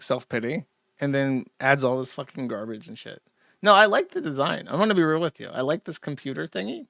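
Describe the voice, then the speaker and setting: A male podcast host gives casual, crude and sarcastic commentary full of swearing. His voice sits slightly high and has a gravelly fry. The sound is dry and close, with no room echo. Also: a bit bright.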